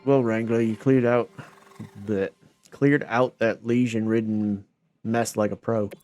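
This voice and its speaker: Guy doing a hearty aussie hatchery keeper, low-ish voice, cheering you on. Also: flat delivery, a little slow, a little mellow, faint music behind, close to an everyday voice. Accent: put-on Australian. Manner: reads game dialogue aloud in a hearty put-on drawl. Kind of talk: voicing game characters on a live stream.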